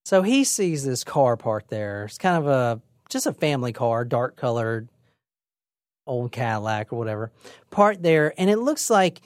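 A young adult woman hosting a casual true crime podcast, telling the story in a lively, chatty way with swearing and acted-out quotes. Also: very deep voice, moderate pace, no room sound, studio quality. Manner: lively, swearing, laughs often, acts out quotes. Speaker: podcast host.

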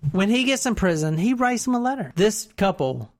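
Animated woman chatting, lively pitch. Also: a little fast. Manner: animated, profane, acts out quotes in mocking voices. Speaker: podcast co-host. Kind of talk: casual true-crime chat.

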